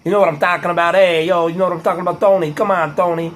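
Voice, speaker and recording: A man with a Boston accent voicing a gruff, profane tough guy who talks fast street slang. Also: high-pitched, fairly even intonation, fairly bright tone. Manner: gruff, swearing, rapid street talk.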